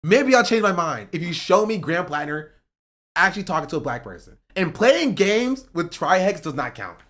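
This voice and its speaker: A man ranting on a livestream about politics. He swears, says "bro" and repeats himself, swinging between loud outbursts and muttering. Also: high voice, very animated, moderate pace. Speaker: streamer. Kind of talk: heated political rant on a livestream.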